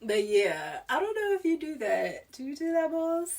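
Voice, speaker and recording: A woman's voice: high voice, big pitch swings, moderate pace, a little mellow, recorded from a distance. A woman tarot reader in a casual spiritual chat, rambling and restarting her sentences, often breaking into laughter.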